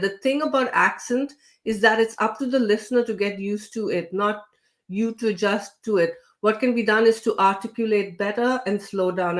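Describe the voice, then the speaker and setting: A woman hosting a casual livestream interview, talking with many fillers and reading out viewer comments. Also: medium pitch. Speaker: livestream host.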